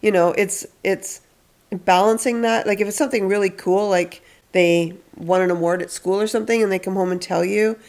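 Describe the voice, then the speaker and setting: A woman counsellor talks through parenting advice in a relaxed podcast chat. Her voice carries a gravelly edge. She slips into quoted parent voices as she explains. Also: medium pitch, moderate pace. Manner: explains patiently, acts out parents' lines.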